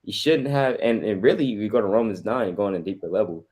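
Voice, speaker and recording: Low-voiced man adding casual remarks. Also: darkish tone, breathy edge. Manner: conversational, fillers, quick asides. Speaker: fellow street teacher. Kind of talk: casual commentary.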